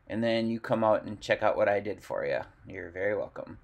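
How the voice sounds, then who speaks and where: A man's voice: on the low side, expressive, a little fast, gravelly. A man voicing a bossy know-it-all hen.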